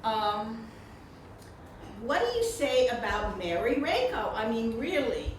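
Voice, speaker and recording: An older woman speaking in a fairly high, sing-song voice at a slow pace introduces the author at a book reception. She's warm and chatty, laughing often during the casual spoken introduction. The indoor reception room is echoey and noisy, with the mic far off.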